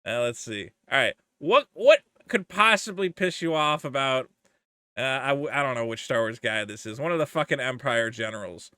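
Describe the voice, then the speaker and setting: Animated, profane man ranting. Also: medium pitch, normal speed, no echo, studio quality. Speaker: commentary vlogger. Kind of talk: casual commentary.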